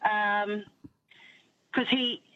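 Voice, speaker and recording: A woman in her thirties or forties calling into a radio quiz, hesitant and filling pauses while she thinks. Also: mid-range voice, steady tone. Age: 30s or 40s. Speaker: quiz caller. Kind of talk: radio call-in chat. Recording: dull phone line.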